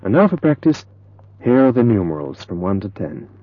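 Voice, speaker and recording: A man teaching pronunciation in a scripted lesson, saying example words slowly and carefully for the listener to repeat. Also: fairly low pitch, big pitch swings, no echo, phone-quality sound. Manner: slow, careful, modeling words for repetition. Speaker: language teacher.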